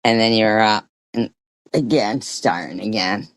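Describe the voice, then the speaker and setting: A woman streaming an angry reaction, scolding and swearing in a profane rant, with frequent throat clearing. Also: rumbling low, a little slow.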